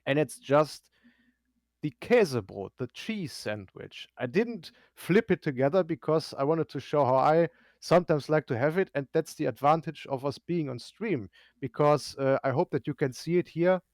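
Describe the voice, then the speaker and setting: A man's voice: on the high side, expressive, normal speed, darkish tone, no echo. A man from Germany, a guest on a casual live stream, explaining things at length with dry humor.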